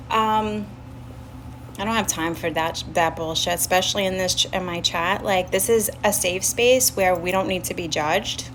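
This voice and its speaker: A young woman with a thick Staten Island New York accent talks through a story on her livestream, animated and quick to curse. She breaks off now and then to greet her chat. Faint noise hums under her phone mic. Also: medium pitch. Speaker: livestream host.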